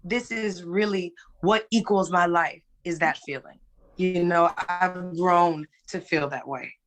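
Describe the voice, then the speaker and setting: A woman's voice: lowish voice, steady tone, measured pace. A woman speaking as a guest in a candid conversation, earnest and emphatic, often checking in with "right?". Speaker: guest, musician.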